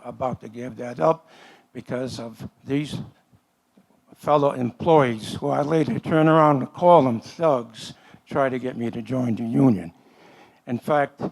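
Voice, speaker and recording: An older man, a retired worker, making a plain-spoken, folksy comment from the audience at a forum. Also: on the high side. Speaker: audience member.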